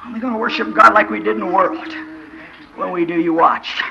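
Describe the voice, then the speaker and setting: A man preaching a sermon to a congregation, fervent, dropping to quiet asides and then crying out in shouts, with questions thrown to the listeners. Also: high voice, fairly quick, vocal fry, highs cut off, very noisy.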